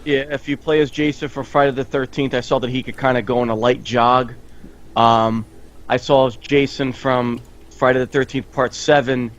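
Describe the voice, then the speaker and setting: A man joins a casual gaming podcast chat, speaking haltingly and restarting his sentences. His voice comes through dull and slightly lo-fi. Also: mid-range voice, steady tone. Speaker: podcast co-host.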